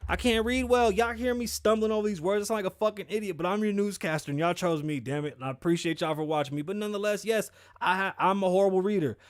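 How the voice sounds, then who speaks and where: Profane, heated man with a high voice. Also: fast, hardly any pauses, no room sound, clean studio sound. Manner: profane, rambling, heated rant with self-corrections. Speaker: show host. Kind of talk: ranting commentary show.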